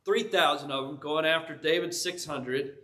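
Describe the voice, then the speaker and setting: High-voiced storytelling preacher. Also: male voice, fairly even intonation, moderate pace, bright, forceful tone. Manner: conversational storytelling with vivid retelling. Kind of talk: sermon. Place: church.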